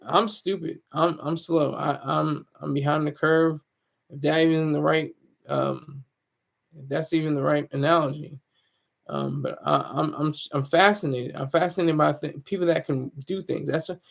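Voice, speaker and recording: A man with a raised, gravelly voice talks loosely to his viewers. He rambles and jokes at his own expense, with plenty of false starts as he circles his point. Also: on the high side, normal speed, pushed and bright. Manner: rambling, self-mocking, many restarts. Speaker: YouTuber. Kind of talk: casual rambling monologue.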